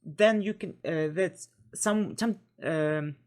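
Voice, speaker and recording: A woman's voice: lowish voice, slow, darkish tone. A woman with a Ukrainian accent teaching a language lesson, hesitant, with many fillers and self-corrections.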